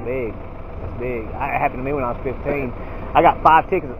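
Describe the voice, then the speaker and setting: A man's voice: mid-range voice, fairly quick, music in the background, rough recording. A man hosting a casual vlog, bantering with profanity and joking around. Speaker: vlog host. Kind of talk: casual chat.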